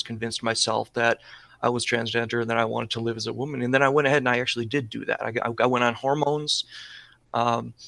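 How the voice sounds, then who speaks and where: A man's voice: medium pitch, vocal fry, sharp tone, no room sound. A man speaking as a podcast guest, earnest and hesitant, often restarting his sentences. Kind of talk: casual conversation.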